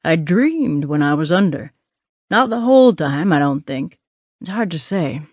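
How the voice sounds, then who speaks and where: A man's voice: fairly high pitch, very animated, a little slow, dry recording, dull audio, heavily acted. A woman voicing a teasing, wry older man who is a hospital patient.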